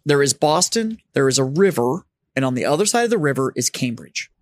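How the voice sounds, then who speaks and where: A man hosting a podcast, telling stories in a casual bar chat, animated and swearing freely. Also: medium pitch, a little fast, no room sound, clean studio sound. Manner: animated storyteller, swears freely, mimics voices. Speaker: podcast host. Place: studio set up as a bar.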